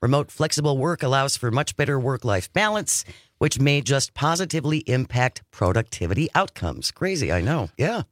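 A man's voice: mid-range voice, sing-song, normal speed, dry recording. A man co-hosting a casual talk radio show from a studio, reading listener texts aloud in a conversational way.

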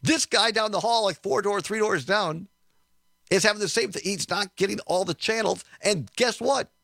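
A man hosting a radio talk show, telling a story in a chatty, animated way, chuckling often and acting out what people said, from a studio. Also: sits high, moderate pace, vocal fry, no echo. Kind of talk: storytelling chat on air.

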